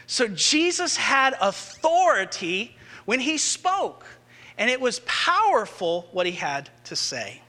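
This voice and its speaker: A male pastor preaching a sermon, retelling scripture with animated, rising emphasis. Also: very high voice, takes it slowly, big-room sound.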